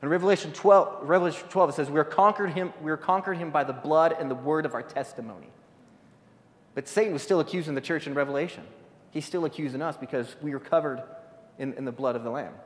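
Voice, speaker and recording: Speaking at a quick pace in a high-leaning voice, a guest preacher improvises an informal sermon. He trips over words, repeats himself and restarts frequently, all under long hall reverb.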